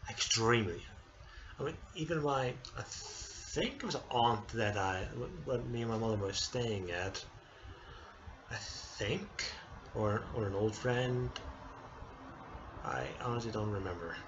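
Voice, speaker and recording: A young man vlogging a casual personal update, halting and hesitant, tearful as he talks. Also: on the low side, highs cut off, a little hiss or hum. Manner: halting, hesitant, many restarts and apologies.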